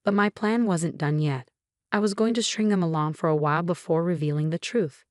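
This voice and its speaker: A woman narrating a first-person story in a steady, matter-of-fact way. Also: lowish voice, fairly quick, no echo, clean studio sound.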